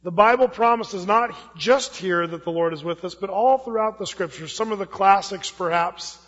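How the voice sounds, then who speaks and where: Male pastor, high voice, casual sermon delivery, long hall reverb on a muffled recording. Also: normal speed, a bit bright. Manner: conversational preaching with folksy asides.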